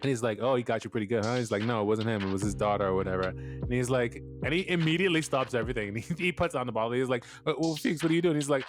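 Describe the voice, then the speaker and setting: A man hosting a casual podcast, telling a story in a loose, rambling way that is packed with fillers and swearing, and he breaks into laughter often. His voice sits at an ordinary middle pitch. Music plays clearly behind him. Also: fast talker. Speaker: podcast host. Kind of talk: casual episode recap.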